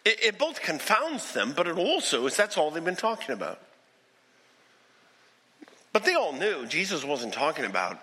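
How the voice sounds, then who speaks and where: A man preaches with a lively, rising and falling voice, slipping into short acted-out voices as he tells the story. His tone is bright and carries, with long hall reverb trailing behind it. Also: a little high, moderate pace, slightly rough. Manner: animated preaching, acts out quoted voices. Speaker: pastor. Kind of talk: sermon.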